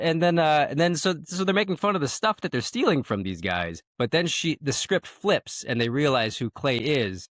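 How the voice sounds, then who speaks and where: A man's voice: fairly high pitch, very animated, normal speed, few pauses, a bit bright, no room sound, studio quality. A man co-hosting a casual book-review podcast, talking in an enthusiastic, rambling way with lots of fillers. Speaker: podcast co-host.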